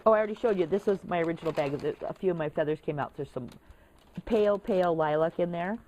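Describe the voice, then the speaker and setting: A woman's voice: on the low side, quick pace, dark tone, slight background noise. A woman vlogging casually, chatty and gushing as she shows off craft supplies to her viewers. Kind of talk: casual show-and-tell vlog.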